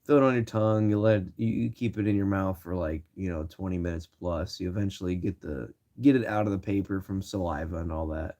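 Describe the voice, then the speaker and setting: A man's voice: low voice, fairly even intonation, fairly quick, few pauses, mellow. A man in his twenties telling a story to his viewers in a casual, slangy, rambling way with many restarts. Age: 20s. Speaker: vlogger.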